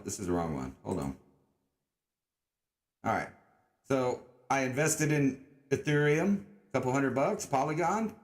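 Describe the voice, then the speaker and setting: A young man rambling through a casual livestream, talking straight to his chat. His pitch swings widely up and down as he jokes, and he leans into a put-on mock-redneck drawl with plenty of cursing and a sarcastic edge. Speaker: livestream host.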